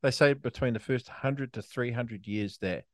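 A man's voice: mid-range voice, normal speed, no echo. A New Zealand man co-hosting a podcast, telling stories with plenty of swearing and laughter in a casual chat. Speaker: podcast co-host. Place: resort room, in person.

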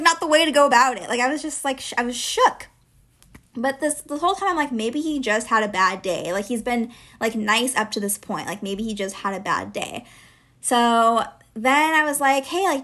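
A woman's voice: on the high side, a bit bright. Chatty young woman telling a story. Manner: chatty, heavy use of filler "like". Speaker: podcast co-host. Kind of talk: casual storytelling chat.

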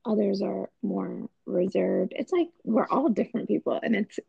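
Woman guest with a strongly gravelly voice on a dull lo-fi recording; easygoing, agreeable chat. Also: mid-range voice, normal speed, no room sound. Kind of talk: casual chat.

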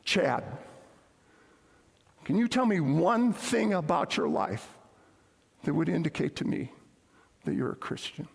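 A man voicing a burly, authoritative male campus minister who asks a stern question slowly. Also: fairly high pitch, sing-song, vocal fry, breathy edge, exaggerated voice. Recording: echoey hall.

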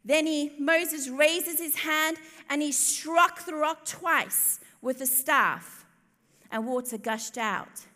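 Bright-voiced woman preaching in a hall. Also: sits high, slow. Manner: expressive, emphatic storytelling. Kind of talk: sermon. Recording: long hall reverb.

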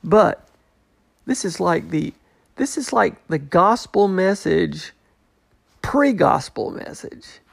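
A man's voice: high-pitched, expressive, takes it slowly, gravelly, long pauses, breathy edge, no echo. A man teaching a Bible passage who acts out the people's questions in a mocking tone. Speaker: preacher.

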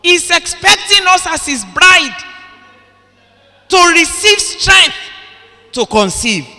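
A man preaching a sermon in an impassioned way, often breaking into shouts. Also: extremely high pitch, slow. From Nigeria. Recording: long hall reverb.

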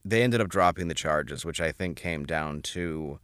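A man's voice: extremely low pitch, normal speed, a bit bright, clear, resonant tone, no echo, clean studio sound. A man guest telling a wry, self-deprecating story in casual podcast talk. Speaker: guest comedian.

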